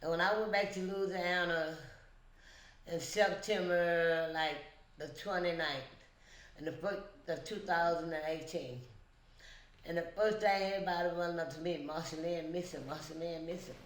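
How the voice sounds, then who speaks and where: A woman guest in a casual chat, telling a story earnestly and slowly, often adding "you know". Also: fairly low pitch, steady tone. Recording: echoey room.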